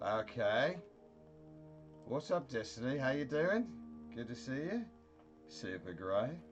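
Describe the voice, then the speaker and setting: A man chatting casually with viewers on a live stream, animated, joking and mocking himself. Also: medium pitch, slow, dull audio, over music.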